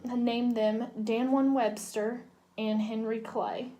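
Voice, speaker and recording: A young woman, a student, narrating a children's storybook read-aloud in a gentle, clear way. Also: on the high side, little pitch movement, takes it slowly, highs cut off. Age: young adult. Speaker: student reader.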